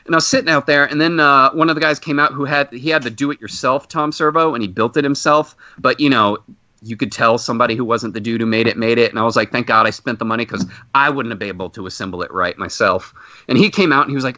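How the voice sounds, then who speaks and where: Animated man telling a story, muffled audio. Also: mid-range voice, fast, no room sound. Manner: animated anecdote with loud acted-out exclamations. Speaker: podcast host. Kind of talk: casual storytelling. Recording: dull muffled podcast audio.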